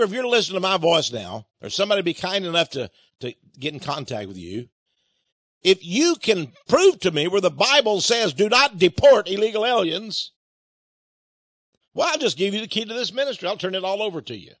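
A man hosting a radio program, ranting sarcastically and swinging between loud outbursts and low mutters. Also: no room sound.

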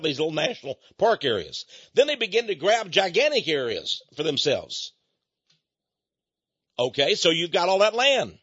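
An older man with a Texan accent, hosting a folksy, emphatic monologue that rises to loud peaks. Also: fairly high pitch, breathy edge, no echo. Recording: dull lo-fi recording.

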